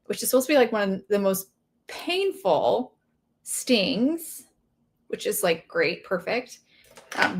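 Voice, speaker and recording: A woman hosting a craft livestream, chatting casually and telling a family story while she works and reads viewer comments. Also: mid-range voice.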